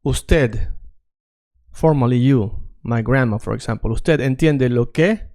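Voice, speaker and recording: A man's voice: mid-range voice, measured pace, a little mellow. A man teaching a casual online lesson, chatty and prone to repeating himself while he works on screen. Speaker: Spanish teacher.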